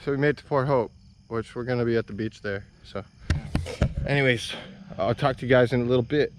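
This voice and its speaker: A man's voice: mid-range voice, fairly quick, noisy background. A man vlogging on a bike trail, out of breath, chatty and upbeat with frequent laughs. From Canada. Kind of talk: casual outdoor vlog.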